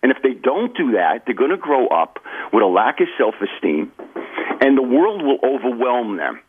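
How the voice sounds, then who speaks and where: Over phone-line audio, a man who is an author and recovery guest tells his recovery story during a radio interview, earnest and confiding, addressing the host by name. His medium-pitched voice is very animated and has a breathy edge, at a moderate pace.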